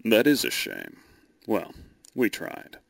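A man voicing a calculating male dragon, speaking in a dry, measured, quietly menacing way. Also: on the low side, huge pitch swings, gravelly, no echo, heavily acted. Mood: dry, wary.

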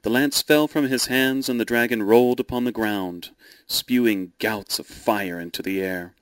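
A man narrating a story in a steady, measured reading voice. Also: mid-range voice, dry recording.

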